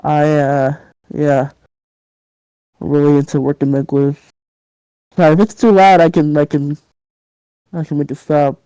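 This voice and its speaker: A woman's voice: low-pitched, flat delivery, unhurried, long pauses, dark tone, clear, resonant tone, no echo, poor audio. A woman voicing a nervous, bumbling young man who stammers and apologizes constantly. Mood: flustered.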